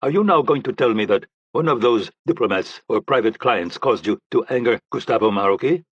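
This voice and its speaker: A man voicing a calm, polite male police officer with an African accent, asking measured questions. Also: mid-range voice, breathy edge, no echo, lo-fi sound. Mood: polite, probing.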